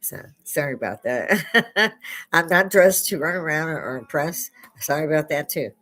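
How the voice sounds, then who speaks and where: This low, fairly bright voice is animated and at normal speed. The older American livestream host chats from her home bar in a rambling, laugh-filled way, using headphones with a clip-on mic.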